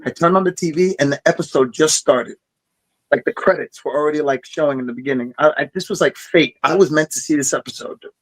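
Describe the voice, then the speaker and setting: An excited man telling stories in casual chat, swearing freely as he talks. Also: fairly high pitch, fast, rough recording. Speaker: podcast host.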